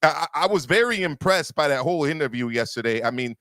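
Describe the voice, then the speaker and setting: A man debating boxing on a panel, his voice sitting a little high and recorded close and dry. He is emphatic and argumentative, and he stacks repeated words when he wants to make a point stick. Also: animated, quick pace, fairly bright tone, no echo.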